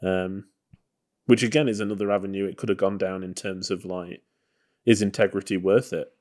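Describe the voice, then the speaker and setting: A man's voice: deep voice, fairly even intonation, normal speed, a little mellow. A man co-hosting a podcast, talking casually about a film in a loose, hedging way. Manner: loose and hedging, full of "you know" and "kind of". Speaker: podcast co-host.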